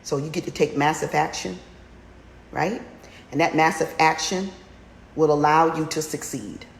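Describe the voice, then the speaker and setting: A woman with a slightly low voice coaches listeners through a women's challenge, driving home her points with fiery repetition. She climbs into near-shouts as she urges them on. The sound is roomy and echoey, with a faint hum of background noise. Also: steady tone, moderate pace, creaky. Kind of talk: motivational livestream talk.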